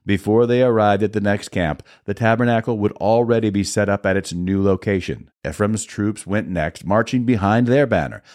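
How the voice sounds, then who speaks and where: A man reading scripture aloud in a measured, expressive delivery. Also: lowish voice. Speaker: Bible reader.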